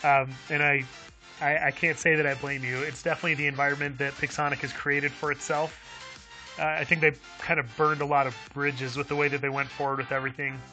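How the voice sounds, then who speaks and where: A man with a sharp, very bright tone and a slightly high voice hosts a live game stream. He reads the chat aloud, answers his viewers and chuckles often. Faint music plays behind him. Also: little pitch movement, a little fast, rough recording.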